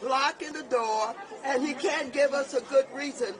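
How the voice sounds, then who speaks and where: A woman's voice: high voice, moderate pace. A woman protesting outdoors, insistent and challenging a man at a door. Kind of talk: confrontational protest speech. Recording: crowd noise outdoors.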